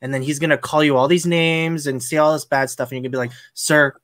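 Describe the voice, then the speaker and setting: A man hosting a casual podcast, telling work stories with lively acted-out quotes. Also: fairly high pitch, fast talker, dry recording, studio quality. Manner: animated storyteller acting out quoted lines. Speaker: podcast host, casino dealer.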